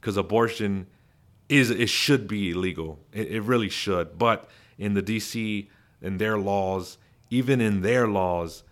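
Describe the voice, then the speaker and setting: Low-voiced man giving emphatic commentary. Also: a little slow. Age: adult father. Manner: emphatic, chatty, animated. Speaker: commentary host. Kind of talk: casual opinionated commentary.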